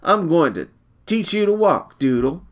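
A man's voice: on the high side, lively intonation, measured pace, voice pushed up. Guy doing an impatient big brother, bossy and pushy, storybook reading. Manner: bossy, demanding.

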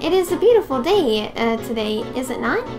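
A woman voicing a gentle, motherly goat woman in a game, sweet and fond. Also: sits high, big pitch swings, a little fast, faint music behind.

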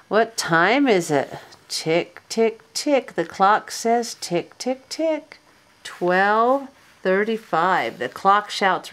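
An older grandmother reads a bedtime picture book at an unhurried pace, her voice rising and dipping in a sing-song way. She coaxes gently and keeps turning to the child with little questions. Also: mid-range voice, very animated. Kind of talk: reading a picture book aloud.

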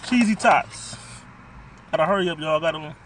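A man's voice: on the high side, normal speed, a bit bright, slight background noise. A man doing a casual food review vlog from his car, talking bluntly and profanely as he rants about the food.

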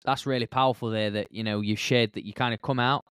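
A man's voice: mid-range voice, steady tone, fast talker, a bit bright, smooth, no room sound. A man hosting a podcast, asking rambling, encouraging questions in casual chat. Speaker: podcast host.

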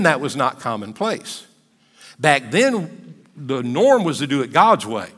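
A man's voice: on the high side, fairly bright tone. An older man, a pastor, telling a story in a sermon in a plain, conversational, folksy way. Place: church sanctuary. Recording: long hall reverb in a church.

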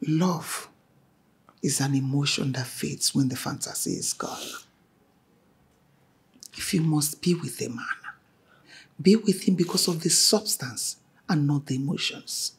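A woman's voice: low-pitched, unhurried, long pauses, slightly rough, exaggerated voice. A middle-aged woman playing a stern, domineering mother who lectures firmly in formal wording.

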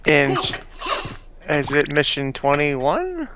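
A man's voice: fairly high pitch, huge pitch swings, takes it slowly, background noise. A man co-hosting a game playthrough, reacting enthusiastically in casual chat. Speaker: co-host. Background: game music.

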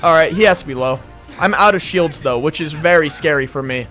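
A man commentating his own gameplay while sick and losing his voice, excitable and hoarse, repeating short calls as he plays. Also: a little high, soft background music. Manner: excitable, quick reactions, repeats short phrases. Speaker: gaming YouTuber.

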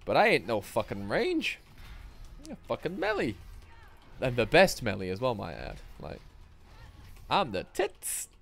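A man's voice: on the low side, huge pitch swings, moderate pace, vocal fry, a bit bright. A man giving sweary, rambling, self-mocking commentary while streaming a game live. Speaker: gaming streamer.

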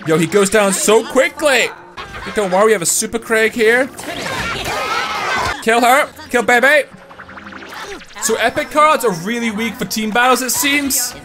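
Excitable young man narrating gameplay. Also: fairly high pitch. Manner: excitable, swings between hype and grumbling, swears. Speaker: gaming YouTuber. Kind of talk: gameplay commentary. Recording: faint music behind.

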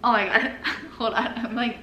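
A young woman vlogger shares a personal story in a chatty, casual way, with lots of "like" and nervous little laughs. Her voice is a little high, bright, and forceful, with fairly even intonation at a moderate pace. The recording has an echoey room and faint noise.

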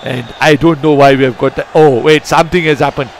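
A man calls a football match in a fairly high voice. He keeps up a running stream of giggly, chatty banter and breaks into excited shouts whenever the play heats up. There is a faint hiss of noise under his voice. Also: a little fast. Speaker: football commentator. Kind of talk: amateur live football commentary.

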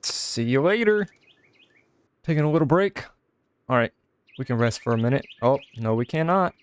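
A young man giving casual let's-play commentary, excitable, exclaiming and chatting to an in-game companion. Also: mid-range voice, normal speed, slight background noise. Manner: excitable, talks to companion character, frequent laughs and exclamations. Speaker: gaming channel host.

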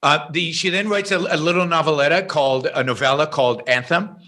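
A man as an interview guest, telling an anecdote in a lively way and often restarting his sentences. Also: fairly high pitch, fairly quick. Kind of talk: explaining and storytelling in conversation.

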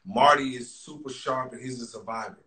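A laid-back man talks as a guest in a casual interview and uses easy slang. His voice is mid-pitched, and the room around him sounds echoey. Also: steady tone, brisk, pushed and bright.

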